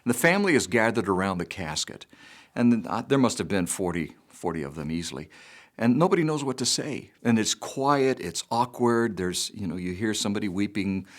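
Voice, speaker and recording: A man with a low voice tells a story from his ministry work. His delivery is calm and measured, the way a pastor talks. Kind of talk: storytelling anecdote.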